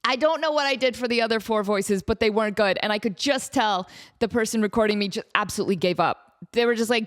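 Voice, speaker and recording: Brief: woman podcast host, fairly high voice, self-mocking comic storytelling. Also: fast. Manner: self-mocking, laughing at herself. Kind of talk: casual comedic storytelling.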